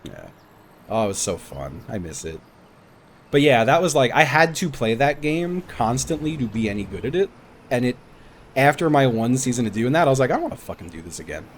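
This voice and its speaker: A man's voice: mid-range voice, lively intonation, normal speed, a little hiss or hum. A man streaming a game, chatting casually, laughing and swearing as he reminisces. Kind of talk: casual gaming chat.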